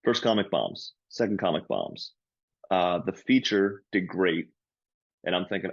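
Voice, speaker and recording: Guy comedian telling a bad gig story on a podcast, lowish husky voice, kinda lo-fi. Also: a little slow, no echo. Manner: animated storyteller, acts out quoted lines loudly. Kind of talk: casual storytelling chat.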